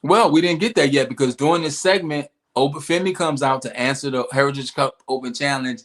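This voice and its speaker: A young man co-hosting a podcast, recapping wrestling in lively casual chat with playful asides. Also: medium pitch, brisk. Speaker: podcast co-host.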